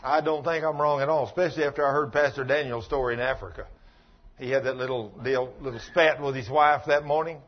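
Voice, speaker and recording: Husky-voiced preacher man, lo-fi. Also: mid-range voice, fairly even intonation, brisk. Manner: folksy storytelling, plain-spoken, emphatic. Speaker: pastor. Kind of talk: sermon.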